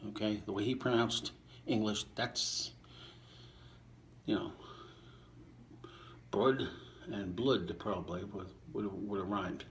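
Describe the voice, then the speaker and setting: A man's voice: fairly even intonation, measured pace, pauses often, a bit bright, slight background noise. An older man reading sonnets aloud and chatting offhandedly between them. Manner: recites verse, then chats in a low, offhand voice. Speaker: vlogger reciting sonnets while lifting. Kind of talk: casual recitation between lifts.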